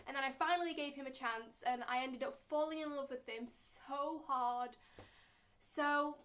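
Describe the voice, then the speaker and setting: A young woman with a British accent talks casually to camera in a vlog, answering viewer questions. Her voice sits high, and she rambles along in a playful, chatty way, switching to a squeaky put-on tone when she quotes people. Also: steady tone, normal speed, fairly bright tone. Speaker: vlogger.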